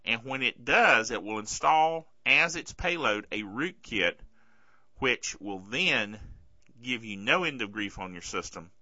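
A man hosting a podcast in a casual, sarcastic tech-news chat, bothered by a sore throat and clearing it often. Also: mid-range voice, lively intonation, a little slow, sharp tone, no echo. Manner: chatty, sarcastic, keeps asking "okay?". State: throat trouble, keeps clearing his throat. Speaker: podcast host. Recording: dull lo-fi dry recording.

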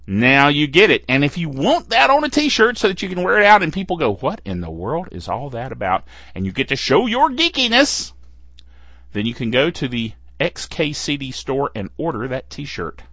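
A playful male podcast host chats about tech with a voice that leaps up and down in pitch. He laughs between phrases. The recording is dull, lo-fi and dry. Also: big pitch swings, normal speed, sharp tone, no echo. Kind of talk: casual tech podcast talk.

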